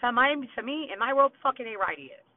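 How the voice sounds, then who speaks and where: A woman's voice: fairly high pitch, lively intonation, fast, no room sound. Brief: foul-mouthed woman ranting with stray asides, phone-quality sound. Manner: blunt, heavy swearing, rambling asides. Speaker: podcast host. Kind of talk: casual storytelling monologue. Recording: tinny phone-like audio.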